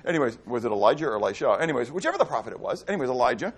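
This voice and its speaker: A man's voice: medium pitch, big pitch swings, very fast, creaky, husky. A man preaching a sermon, asking rhetorical questions and repeating key phrases. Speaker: pastor.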